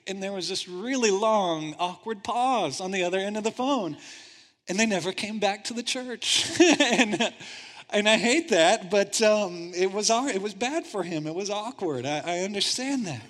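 A male pastor preaching a sermon, animated storytelling that swings from hushed to loud. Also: sits high, normal speed. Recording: long church-hall reverb.

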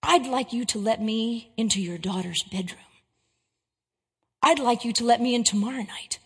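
A woman voicing a huge, greasy, menacing man at the door, who speaks in a low, slow, hushed whisper. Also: breathy edge, big-room sound.

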